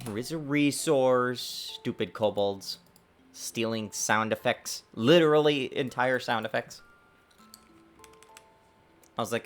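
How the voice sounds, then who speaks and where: A man streaming his game development work, talking to himself in a lively, self-mocking way. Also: medium pitch, a little slow, pauses often, soft background music. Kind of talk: casual livestream dev commentary.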